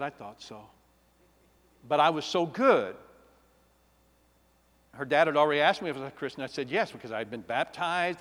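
A man, a pastor giving an emotional personal testimony, swinging between loud and hushed. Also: on the high side. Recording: long reverb of a large hall.

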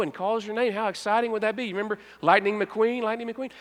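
A man delivers a storytelling sermon in a church sanctuary, and his voice sits noticeably high for a man. The sound carries a long hall reverb. He acts out characters' lines and drops to hushed tones at key moments. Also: quick pace, hardly any pauses. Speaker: pastor.

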